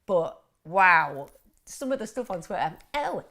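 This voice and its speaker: A woman's voice: fairly low pitch, a little slow. A woman hosting a live mental health Q&A, chatting casually and reading out viewer questions. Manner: chatty, animated, laughs often, mimics voices. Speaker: host of a mental health Q&A livestream.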